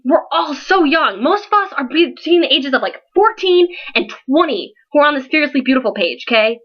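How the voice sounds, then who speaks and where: A woman's voice: high voice, animated, brisk, muffled recording. A young woman, giving an earnest, emotional vlog speech to her followers, pleading and scolding by turns. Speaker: founder of an online support page.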